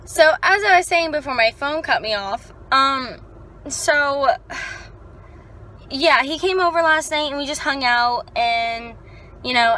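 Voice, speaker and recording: A young woman vlogging casually, chatty and animated, swearing freely as she tells stories. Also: sits high, low-quality recording. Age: young adult. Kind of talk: casual vlog chat.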